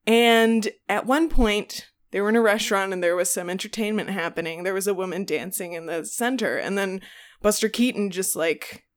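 A young woman co-hosts a casual chat and tells a long story. She rambles, restarts often and breaks into laughter, with an ordinary mid-range pitch. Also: normal speed. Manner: rambling, laughing, swearing, many ums and restarts. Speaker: podcast co-host.

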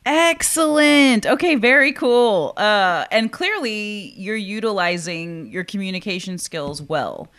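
A woman's voice: mid-range voice, animated, a little slow, few pauses, a bit bright. A woman interviewing a guest in a chatty, encouraging way. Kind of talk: casual interview chat.

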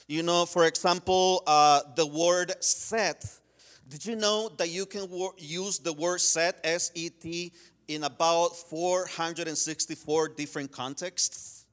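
A man who learned English as a second language, preaching in a church in a chatty style with many asides and slowed-down emphasis. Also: a little high, a bit bright. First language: not English. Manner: conversational, frequent "you know" and restarts, slows down to stress key words. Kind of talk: sermon with humorous stories.

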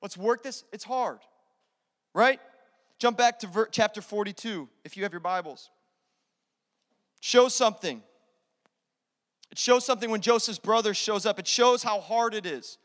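High-voiced pastor in an echoing hall. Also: male voice, unhurried, pauses often. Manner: energetic, conversational, repeats phrases. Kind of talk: sermon. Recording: long hall reverb.

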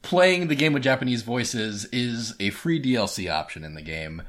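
A man's voice: medium pitch, animated, normal speed, a bit bright. A man co-hosting a podcast in casual chat, rambling and often restarting his sentences. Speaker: podcast co-host.

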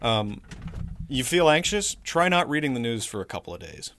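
A man's voice: medium pitch, sing-song, normal speed, a bit bright, no room sound. A man co-hosting a podcast in casual chat, talking frankly with lots of fillers. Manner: rambling, frank, swears, many fillers. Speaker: podcast co-host.

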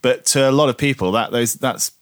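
A man from Guernsey talks his way through a film review, rambling and restarting his sentences. His voice sits at an ordinary pitch, and the recording is dry and close. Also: brisk, no echo. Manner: rambling, hesitant, many restarts. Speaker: podcast co-host. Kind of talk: casual chat, film review.

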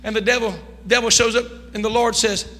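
In a church sanctuary, a pastor with a very high, bright, piercing voice preaches to his congregation, his intonation fairly even overall. He slides from hushed asides into loud, stretched-out shouts that almost become singing. A long reverb from the hall trails every line.

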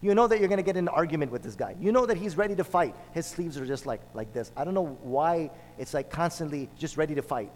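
A man's voice: on the high side, expressive, fast, hardly any pauses, a little mellow. Preacher man in a reverberant hall. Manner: storytelling, emphatic with repetitions. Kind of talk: sermon.

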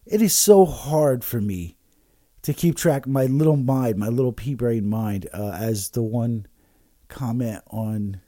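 A man talks alone into a podcast mic, rambling and swearing freely, stumbling over restarts and fillers. He is drinking shots of liquor as he goes. His voice is dark and mellow, and the recording sounds dry and close. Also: mid-range voice, a little slow, dry recording. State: drinking shots while talking. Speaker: podcast host. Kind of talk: casual rambling monologue.

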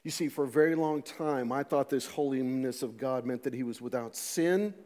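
A middle-aged man preaching a sermon as pastor, animated, swinging between loud emphasis and quiet asides, with many rhetorical questions. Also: mid-range voice, normal speed. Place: church sanctuary. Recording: long reverb of a church hall.

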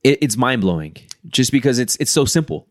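A man's voice: mid-range voice, animated, fairly quick, no echo, clean studio sound. A man interviewing in casual conversation, searching for words and swearing offhandedly.

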